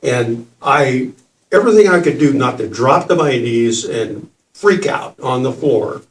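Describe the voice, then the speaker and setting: A man's voice: mid-range voice, measured pace. An older man in his seventies telling a personal story at a spiritual gathering, laughing and putting on voices as he goes. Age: 70s. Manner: animated, laughing, mimics voices in his stories. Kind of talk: storytelling talk. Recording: roomy hall, distant mic.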